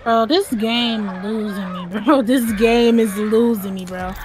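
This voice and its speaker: Slow-talking woman on a noisy mic. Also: a little high, darkish tone. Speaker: fellow player. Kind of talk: casual gaming chat.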